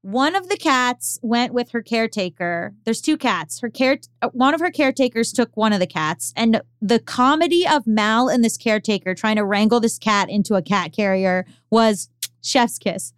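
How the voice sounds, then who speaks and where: A woman's voice: on the high side, lively intonation, normal speed, clear, resonant tone, no room sound. A woman co-hosting a podcast, talking candidly and rambling with lots of fillers. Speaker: podcast co-host. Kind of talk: casual podcast chat.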